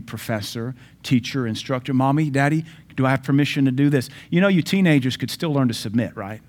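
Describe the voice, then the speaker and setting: A man preaching a sermon as pastor, emphatic, swinging between loud declarations and quieter asides. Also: mid-range voice, fairly quick, few pauses.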